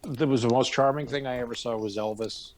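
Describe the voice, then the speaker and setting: A man's voice: medium pitch, fairly even intonation, a little fast. A middle-aged American man being interviewed, talking in a rambling, self-correcting way with a plain General American accent. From northern New York suburbs, USA. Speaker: guest actor. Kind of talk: casual interview chat.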